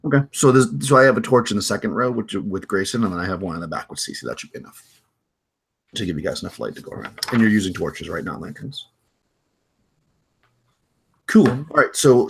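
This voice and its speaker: Halting game master, low husky man. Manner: halting, with many fillers and restarts. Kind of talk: narrating a tabletop game.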